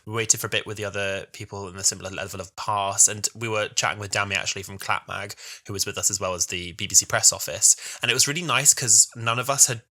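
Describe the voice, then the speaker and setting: Man, twenties, from London, quick talker, sharp bright tone, enthusiastic podcast chat. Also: on the low side, fairly even intonation. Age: 20s. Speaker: podcast co-host. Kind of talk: casual chat.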